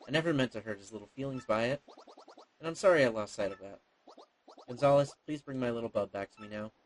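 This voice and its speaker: A gentle mother bomb creature from a game speaks softly and sentimentally, as a man puts her on. The delivery is quiet and hushed, with faint music underneath. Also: mid-range voice, fast talker, lightly acted, rough recording. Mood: tearful. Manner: soft, sentimental, subdued.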